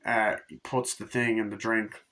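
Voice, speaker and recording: A young man casually rambling through a movie review, excitable and full of swearing. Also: fairly low pitch, moderate pace, a little hiss or hum.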